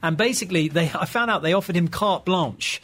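A man's voice: high voice, fairly quick, a bit bright. A man hosting a casual film podcast, chatty and full of trivia. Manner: chatty, trivia-telling, laughs often. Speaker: podcast host.

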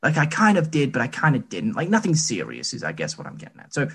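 A man's voice: medium pitch, wildly swooping pitch, fast, gravelly, fairly bright tone, slightly rough. A man in his late twenties chatting casually on a podcast, telling rambling, self-deprecating stories. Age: late 20s. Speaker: podcast co-host. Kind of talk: casual chat.

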